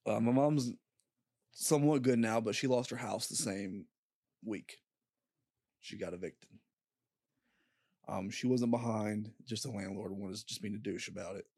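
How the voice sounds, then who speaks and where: Brief: young man, lowish voice, dry close sound, rambling casual storytelling, swears a lot. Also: a little mellow, husky, no echo. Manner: halting, with frequent fillers and swearing. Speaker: podcast guest.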